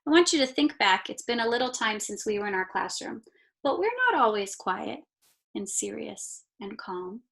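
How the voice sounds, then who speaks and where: A woman teacher reading a picture book aloud to her class, slow and expressive, stopping to point out the pictures. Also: on the high side, gravelly. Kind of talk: read-aloud storytime.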